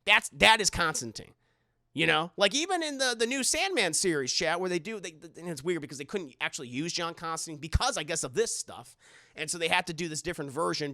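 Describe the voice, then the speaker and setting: Animated, bright-voiced male streamer. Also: high-pitched, dry recording, clean studio sound. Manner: animated, rambling, stumbles and repeats words. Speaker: streamer reacting to news and reading live chat. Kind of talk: casual live-stream commentary.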